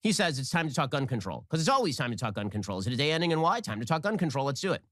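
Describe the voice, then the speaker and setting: A man giving sarcastic political commentary in a rapid-fire delivery. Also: mid-range voice, very animated, a bit bright, no room sound, clean studio sound.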